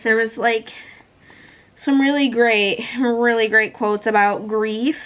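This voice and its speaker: Woman book vlogger, casual gushing review, filler-heavy, pitched a bit high. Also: a bit bright, highs cut off. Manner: gushing, peppered with "like".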